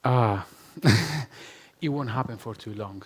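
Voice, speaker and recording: A man speaks at a live conference, hammering points with repetition. His voice sits in a middle pitch, and he laughs easily as he answers questions. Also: normal speed. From Albania. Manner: emphatic, repetitive, laughs often. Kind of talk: conference talk and Q&A. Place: conference hall with live audience.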